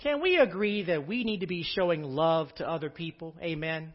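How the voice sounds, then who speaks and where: A man's voice: on the high side, moderate pace, big-room sound, highs cut off. A man preaching a sermon as pastor, calling out to the congregation for responses.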